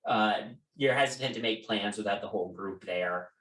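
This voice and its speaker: A man's voice: fairly low pitch, normal speed, a bit bright, reverberant, recorded from a distance, poor audio. A man narrating a tabletop game as game master in a casual, filler-heavy way.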